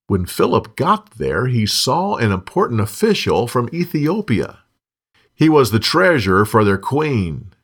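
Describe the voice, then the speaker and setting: A man narrating a Bible story in a scripted, expressive reading. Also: medium pitch, measured pace.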